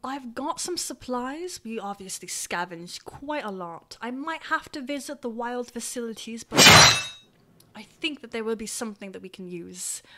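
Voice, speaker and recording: Brief: woman game master, rambling and halting, slightly high voice, video-call audio. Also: expressive, heavy background noise. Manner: rambling, full of likes and ums. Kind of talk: playing a grieving townswoman in a tabletop game.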